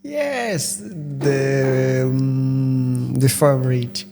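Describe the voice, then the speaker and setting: Hesitant man, raised pitch. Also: unhurried, darkish tone, slight background noise. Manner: hesitant, many fillers, non-native phrasing. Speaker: English teacher and interview guest. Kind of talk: casual interview answers. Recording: long room reverb.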